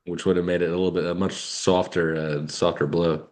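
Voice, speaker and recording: Really deep-voiced host guy, blunt, teasing the caller. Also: little pitch movement, a little fast, a little mellow. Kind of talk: casual call-in chat.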